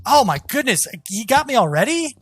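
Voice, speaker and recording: A gaming channel host with a mid-range voice delivers fairly quick gameplay commentary over soft background music. He talks straight to viewers, calling them "guys," with excited and exasperated outbursts.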